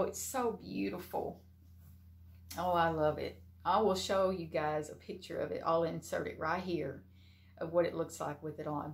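A middle-aged woman, gushing with emotion as she talks casually to camera about a gift, laughing often. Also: on the low side. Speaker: crochet vlogger.

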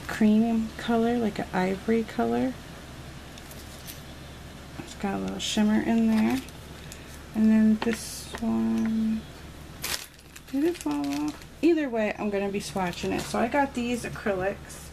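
Slow, gushing nail-art vlogger woman, gravelly voice, noisy home recording. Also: fairly high pitch. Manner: gushing, chatty, thinking aloud. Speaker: beauty vlogger. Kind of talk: casual unboxing chat.

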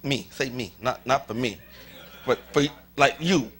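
In a church sanctuary, a male pastor with a Southern US accent preaches an animated sermon in a mid-range, unhurried voice. He leads his congregation in call and response and at times drops to a whisper.

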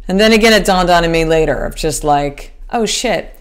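Woman podcast host, slightly low voice, candid and profane, talks straight to her listeners. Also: brisk, smooth. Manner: candid, swears freely, restarts sentences; earnest and motivational, addresses listeners as sister. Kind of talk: casual podcast monologue.

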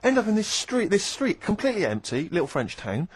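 A man with a high, light voice chats on a radio show, racing through his stories. He tells anecdotes with lively animation, recorded in a studio. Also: brisk, slightly rough. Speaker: radio co-host. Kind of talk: casual radio chat.

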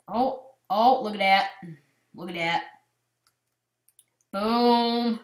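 A woman giving casual gameplay commentary, swinging between loud outbursts and muttered asides. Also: mid-range voice, very slow, long pauses, reverberant. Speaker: gamer commentator.

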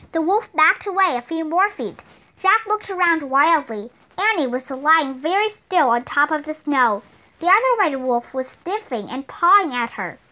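Bright high-voiced woman reading a storybook. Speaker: audiobook reader. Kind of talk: children's storybook narration.

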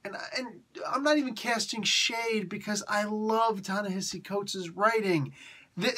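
A woman's voice: medium pitch, fairly bright tone. A woman from Italy giving a casual, exasperated comic book review. She repeats herself and keeps tacking "man" onto her sentences.

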